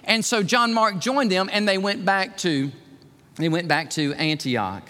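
A man preaching to his church with a high, bright voice. He swings from hushed tones to near shouts. His voice rings through a big hall with a long reverb. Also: measured pace. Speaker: pastor. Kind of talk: sermon.

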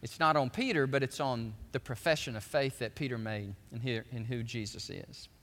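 A male pastor preaching a sermon in a church, animated and conversational, with frequent asides to the congregation. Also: mid-range voice, normal speed. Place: church sanctuary. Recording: church hall reverb.

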